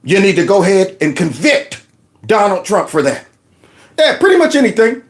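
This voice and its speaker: Guy doing fired-up political commentary, voice jumps all over the place. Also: normal speed. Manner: animated, mocking impressions, lively pitch swings. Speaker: commentary show host.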